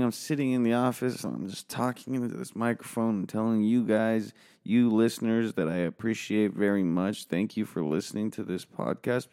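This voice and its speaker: A man with a fairly low voice and an American accent talks alone into an office microphone. He rambles in a sarcastic, cheerfully profane way, hosting his own podcast as a solo monologue. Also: dark tone, smooth. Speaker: podcast host. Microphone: studio microphone.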